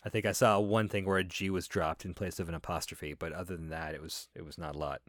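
A man's voice: low voice, fairly even intonation, fast talker, a bit bright, no room sound, clean studio sound. A man in his thirties in casual conversation, voicing emphatic, opinionated critiques. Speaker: podcast co-host. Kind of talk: casual chat.

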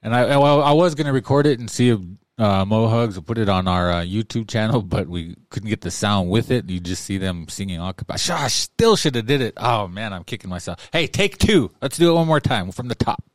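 A man hosting a casual talk show, excitable and laughing often as he chats with his guests. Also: on the low side, brisk, few pauses, no echo. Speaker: podcast host. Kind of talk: casual chat.

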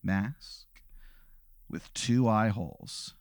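A man's voice: on the low side, extremely slow, no echo. Podcast guy rambling thru a silly made-up story, lots of likes and uhs, dry close sound. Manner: rambling, filler-heavy second-person narration. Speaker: podcast co-host. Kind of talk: improvised comedic storytelling.

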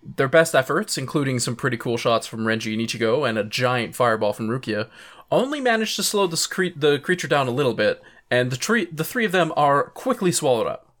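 A young adult co-host recaps an episode casually, with a middling, even voice. The delivery is relaxed and chatty. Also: medium pitch, brisk. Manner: laid-back recapping, laughs at own jokes. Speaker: podcast co-host summarizing episodes.

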